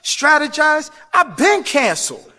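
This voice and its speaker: A man's voice: very high voice, very animated, a little slow, bright, forceful tone. A man speaking in an interview, preachy and emphatic, rambling between points with laughs. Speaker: interview guest. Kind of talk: impassioned interview talk.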